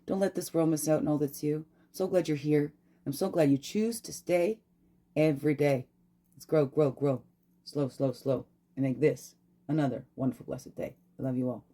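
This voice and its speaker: A woman's voice: low voice, moderate pace, warm tone. A woman hosting a casual inspirational talk as a spiritual card reader, affirming and affectionate, often adding "right?". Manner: affirming, tags phrases with "right?"; gushing, affectionate to viewers.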